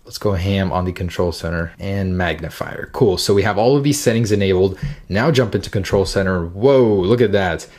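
A man's voice: low-pitched, moderate pace, darkish tone. A man giving a casual, upbeat and chatty walkthrough as a tech reviewer.

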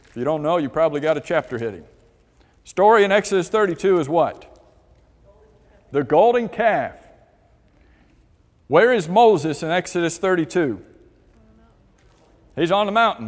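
A man with a high-pitched voice leads a church Bible class, asking the group questions and reading scripture passages aloud. His voice rings with a long reverb in a large hall. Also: expressive, normal speed, long pauses.

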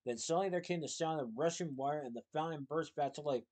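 A man reads a novel aloud in a steady storyteller's manner. His voice sits a little high for a man. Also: fast talker, rough recording.

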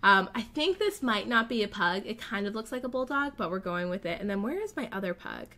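A woman's voice: mid-range voice, lively intonation, brisk, sharp tone. A woman hosting a casual let's play, chatty and rambling as she thinks aloud, and often gasping and squealing with delight. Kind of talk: casual gameplay commentary.

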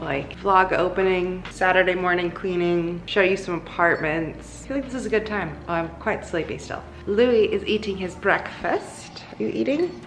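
A woman in her twenties vlogging casually to camera at home, excitable and gushing, with lots of fillers. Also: mid-range voice. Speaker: lifestyle vlogger. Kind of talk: casual vlog talk to camera. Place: apartment, indoors. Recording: echoey room.

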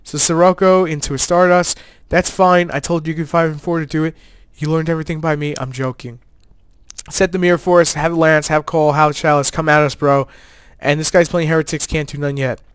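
A man's voice: on the high side, steady tone, fairly quick, clear, resonant tone, dry recording. Laid-back man commenting on his card game. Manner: joking, laid-back, gamer slang. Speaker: player and channel host.

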